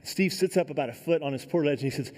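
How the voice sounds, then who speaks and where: A middle-aged man giving a keynote talk, telling a dramatic story in a folksy, animated way and acting out the other voices. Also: on the high side, very fast. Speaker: keynote speaker. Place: large conference hall. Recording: echoey hall sound.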